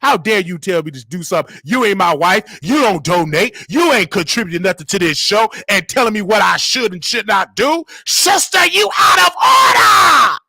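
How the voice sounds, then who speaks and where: A man hosting a loud live show, his very high voice swinging wildly as he shouts and preaches. The tone is sharp and bright, with a gravelly edge. It is recorded close and dry. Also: a little fast, few pauses, dry recording. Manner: shouting, preachy, animated, scolding listeners. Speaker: show host. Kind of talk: loud live-stream commentary.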